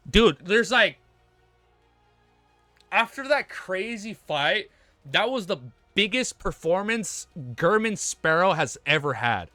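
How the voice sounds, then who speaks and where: A young man streaming a web novel reaction, reading passages aloud and reacting with excited, slangy, swear-filled talk that stammers when he gets worked up. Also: sits high, takes it slowly, no room sound, soft background music.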